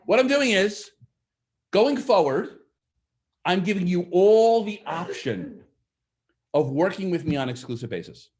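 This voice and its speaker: A man giving a lively seminar talk to an audience of agents, asking them questions and acting out what clients say. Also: sits high, unhurried, pauses often. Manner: energetic, asks the audience questions, acts out quoted clients. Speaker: real estate sales trainer.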